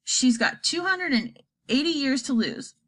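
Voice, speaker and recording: Brief: eccentric chirpy candy-maker man, voiced by a woman, theatrical, bouncy pitch. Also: lively intonation, a bit bright. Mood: breezy. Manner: brisk, theatrical.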